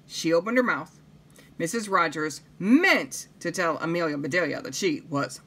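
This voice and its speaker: A woman reading a picture book aloud to children, pausing to comment and ask them questions. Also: on the low side, fairly bright tone, slightly rough. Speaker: reader.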